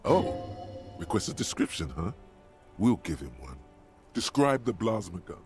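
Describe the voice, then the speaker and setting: A man's voice: big pitch swings, measured pace, a little mellow, soft background music. A man voicing a sardonic inner narrator in a game, speaking to the player in a commanding second person. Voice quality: gravelly, very deep.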